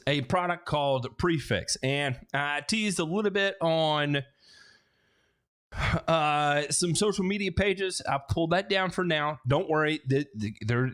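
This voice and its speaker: A man's voice: mid-range voice, fairly bright tone. Rambling man hosting a livestream. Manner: rambling, many restarts and fillers, joking asides. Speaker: livestream host answering viewer questions. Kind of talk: casual livestream chat. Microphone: headset.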